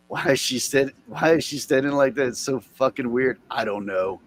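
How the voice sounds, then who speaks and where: A man's voice: mid-range voice, moderate pace, few pauses. A man from Mississippi, sarcastically commenting on a news clip and mocking the people in it. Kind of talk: comedic reaction commentary.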